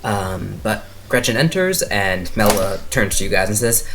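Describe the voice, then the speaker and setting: A man's voice: on the low side, animated, moderate pace, few pauses, fairly bright tone, soft background music. Casual, rambling man running a game. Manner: casual, filler-heavy, rambling. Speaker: game master. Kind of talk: narrating a tabletop horror game.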